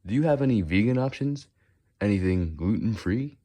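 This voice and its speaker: A man's voice: lowish voice, animated, normal speed, mellow, voice pushed up. A man doing an exaggerated impression of a fussy, whiny man.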